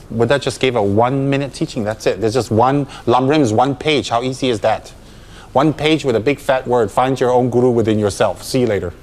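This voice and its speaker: A man's voice: medium pitch, a little mellow. A man, a Buddhist teacher, giving a dharma talk to students, emphatic and full of rhetorical questions.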